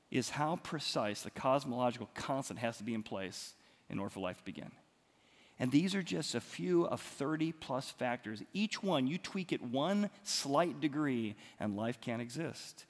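A man preaching a sermon, animated, moving from loud emphatic lines to quiet ones. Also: a little high. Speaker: pastor. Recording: long hall reverb.

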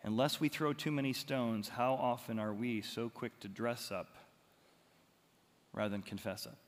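A male pastor preaching a sermon, retelling the story with animated, dramatic storytelling. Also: medium pitch, moderate pace, big-room sound. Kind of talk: expository sermon.

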